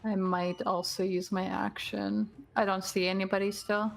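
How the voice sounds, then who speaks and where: A woman's voice: mid-range voice, level tone, moderate pace, gravelly. A woman playing a tabletop game, talking earnestly and laughing now and then. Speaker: player. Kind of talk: tabletop role-play chat.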